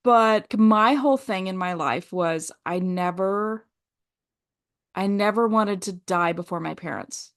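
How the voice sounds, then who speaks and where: A woman co-hosting a podcast, speaking earnestly and haltingly in casual chat. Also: medium pitch. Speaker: podcast co-host.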